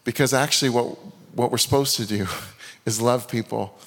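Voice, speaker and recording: A man's voice: mid-range voice, fairly even intonation, moderate pace. A man in his fifties preaching, telling a personal testimony in an earnest, confessional way with frequent restarts. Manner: earnest, confessional, with many restarts and quoted asides. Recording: long hall reverb.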